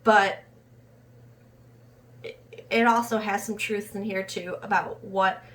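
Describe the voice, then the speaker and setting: A woman's voice: mid-range voice, fairly even intonation, slow, fairly bright tone. A young American woman from Rochester, New York, reviewing a book in a casual vlog, earnest and impassioned, restarting her sentences as she goes. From Rochester, New York, USA. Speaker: book vlogger.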